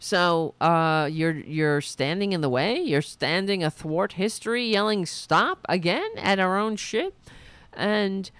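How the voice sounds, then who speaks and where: A woman's voice: lowish voice, expressive, slow, fairly bright tone, clear, resonant tone, dry recording. A woman hosting a political podcast, ranting in an indignant, sarcastic and profane way and mocking the people she quotes. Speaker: podcast host. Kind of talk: political commentary rant.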